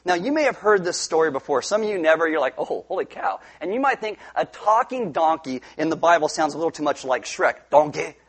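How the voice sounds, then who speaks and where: A middle-aged man delivering a sermon in a fairly high voice. He tells the story with humor, slipping into playful voices for the characters and asking the congregation questions. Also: brisk, few pauses. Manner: animated storytelling, acting out characters with funny voices. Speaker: pastor.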